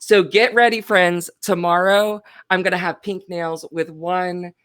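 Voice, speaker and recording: Playful woman with a lowish voice. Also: steady tone, measured pace, a bit bright, clean tone. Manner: playful, teasing, chatty. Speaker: Bible study co-host. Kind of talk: casual chat on a livestream.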